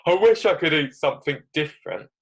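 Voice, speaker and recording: A man's voice: on the high side, animated, fairly quick, gravelly, pitched above the performer's own voice. A man doing a whiny young billy goat. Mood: grumbling. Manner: whiny complaining. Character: young male goat, smallest brother, bored and grumbling.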